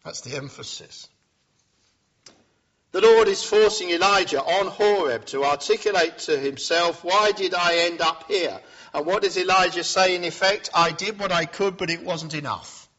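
A man preaching a sermon in a reflective way, rising for emphasis and then dropping low and quiet. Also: normal speed. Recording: dull lo-fi sound.

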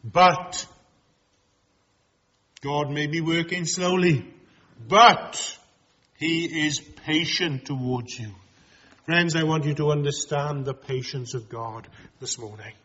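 Earnest high-voiced male preacher, slow. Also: bright, forceful tone, slightly rough, dull audio. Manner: earnest, direct appeals to the congregation. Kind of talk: sermon.

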